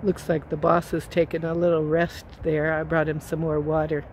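A woman's voice: sits low, flat delivery, normal speed, darkish tone, a little hiss or hum. A woman hosting a casual garden vlog outdoors, playful and chatty. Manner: playful, whispers at times. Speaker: channel host.

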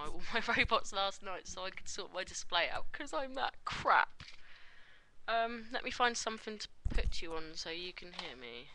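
A woman's voice: medium pitch, pushed and bright, slight background noise. A woman giving a casual, blunt toy review on a poor built-in microphone, swearing constantly and muttering as she handles the toy.

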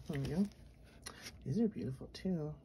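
Low-voiced woman gushing over an unboxing. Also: a little slow, background noise. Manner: chatty, gushing, murmurs asides softly. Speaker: nail art vlogger. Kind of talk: casual unboxing narration. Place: home nail studio desk.

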